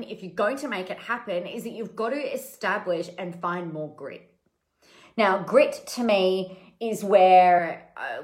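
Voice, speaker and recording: Woman, casual motivational talk, candid and chatty, roomy echo. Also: medium pitch. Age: adult with children. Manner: candid, chatty, with frequent fillers and swearing. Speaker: podcast host and business coach. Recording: echoey room.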